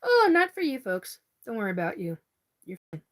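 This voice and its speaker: A woman's voice: on the high side, huge pitch swings, a little fast, fairly bright tone. A woman hosting a live stream, chatting casually and reading out viewer comments, cursing freely when riled. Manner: chatty, swears when angry.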